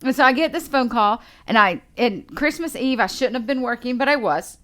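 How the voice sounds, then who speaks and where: Animated woman telling a story. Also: fairly high pitch, fairly quick. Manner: animated storyteller acting out quoted dialogue. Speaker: podcast co-host. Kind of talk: casual chat, storytelling.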